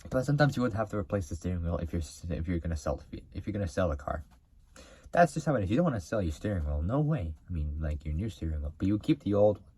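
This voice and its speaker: A man's voice: deep voice, sing-song, fast talker, mellow, husky. A man hosting a car video, talking casually to camera in a rambling way, full of fillers and restarts.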